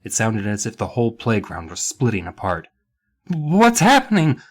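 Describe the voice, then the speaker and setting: A man co-hosting a comedy podcast, recapping a kids' horror book in casual chat and jumping into loud character voices. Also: on the low side, a little fast, husky. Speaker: podcast co-host.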